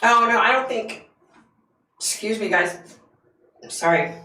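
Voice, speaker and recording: A woman's voice: on the high side, takes it slowly, pushed and bright, roomy sound, rough recording. A woman hosting a casual livestream from the United States, chatting with viewers and greeting them by name, with lots of fillers. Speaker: livestream host.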